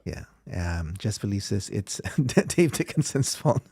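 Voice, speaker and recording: A man's voice: lowish voice, very animated, unhurried, a little mellow, no echo. A man hosting a casual sports podcast, reading out viewer comments and laughing often.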